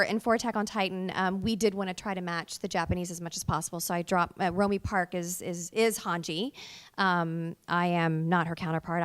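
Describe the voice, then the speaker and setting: A woman voice actress being interviewed at a convention, telling lively stories and acting out the people in them. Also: on the low side. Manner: animated storyteller, acts out quotes with voices.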